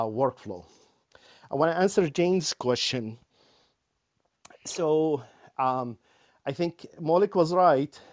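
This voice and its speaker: A man on a panel, explaining a software setup in a loose, conversational way with many fillers and restarts. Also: medium pitch. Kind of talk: conversational tech panel discussion.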